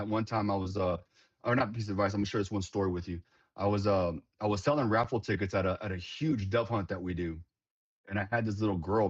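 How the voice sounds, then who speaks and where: A man's voice: on the low side, lo-fi sound. A man who leads a veterans nonprofit, talking casually and earnestly, often restarting words and calling people "man". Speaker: veterans nonprofit leader, guest. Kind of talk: casual conversational storytelling.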